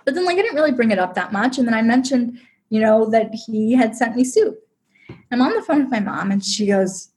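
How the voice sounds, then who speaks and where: A woman's voice: on the high side, lively intonation, brisk, darkish tone. Chatty woman telling a love story. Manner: chatty, heavy use of "like", emotional. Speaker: podcast guest. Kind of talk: personal storytelling.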